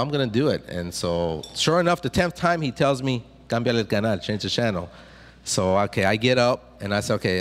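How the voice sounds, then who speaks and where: A man speaks to a hall full of students, spinning a humorous story in a chatty way. He keeps asking the crowd "right?" and often restarts or repeats his words. His mid-pitched voice carries a long reverb tail through the large room. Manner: chatty, addresses the audience with frequent "right?".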